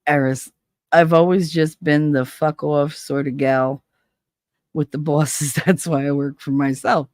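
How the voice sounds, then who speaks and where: A woman's voice: low-pitched, fairly even intonation, unhurried, darkish tone, dry recording, studio quality. A woman hosting a livestream, chatting casually with viewers, blunt and swearing freely, laughing often. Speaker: livestream host. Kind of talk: casual chat with live viewers.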